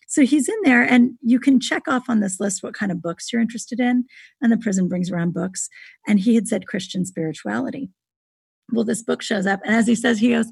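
A woman tells a personal story as a podcast guest, her voice husky and gravelly with a dry, close sound. She is animated and lifts her pitch sharply when she acts out what others said. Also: dry recording. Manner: animated, acts out quoted dialogue with pitch jumps. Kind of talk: casual storytelling in conversation.

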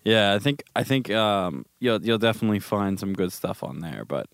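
A man's voice: fairly low pitch, animated, normal speed, vocal fry, no echo, clean studio sound. A man chatting casually and animatedly, swearing freely as he reacts to online posts.

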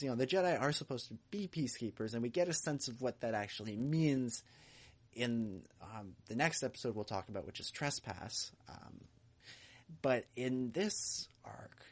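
A man's voice: mid-range voice, slightly rough. A man co-hosting a fan podcast in casual chat, laughing often and restarting his sentences. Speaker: podcast co-host.

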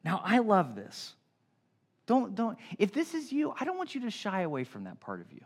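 A man's voice: high voice, normal speed. A middle-aged male pastor preaching a sermon in a conversational style, acting out little everyday scenes as he goes. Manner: animated, conversational preaching with acted-out asides.

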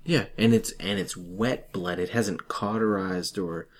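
A man co-hosting a casual movie-review podcast, ranting in an animated way and swearing freely. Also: sits low, unhurried. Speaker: podcast co-host.

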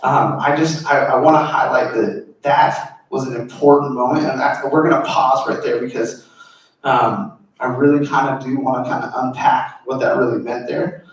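A man's voice: mid-range voice, steady tone, normal speed. Man preaching in a very echoey room. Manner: earnest, informal, explaining a text. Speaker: pastor. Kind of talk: conversational sermon. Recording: very echoey room, voice far from mic.

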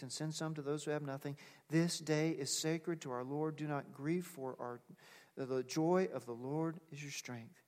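A man's voice: a little high, a little mellow. A man preaching a sermon, talking in an earnest, conversational way with fillers. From United States. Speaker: pastor. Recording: long reverb of a large hall.

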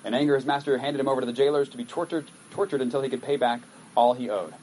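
Over a low-quality recording with a little hiss or hum, a pastor speaks quickly in a mid-range, darkish voice. He keeps his sermon conversational, reading scripture aloud and pausing to comment with acted asides.

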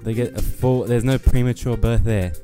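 Young male podcast co-host, mid-pitched, dry deadpan humor. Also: moderate pace, faint music behind. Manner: deadpan jokes, mock news anchor bits. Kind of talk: casual joking chat.

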